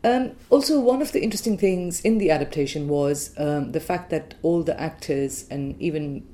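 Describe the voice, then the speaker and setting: Low-voiced woman interviewer asking hesitantly. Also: moderate pace, mellow. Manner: hesitant, inquisitive questioning. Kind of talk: conversational interview.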